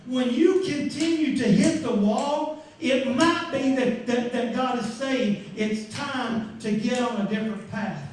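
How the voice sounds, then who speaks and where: A man pastor preaching a sermon, telling a story with lively acted-out voices and sudden shouts. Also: very high voice, measured pace, few pauses. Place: church sanctuary. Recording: echoey church room, mic far off.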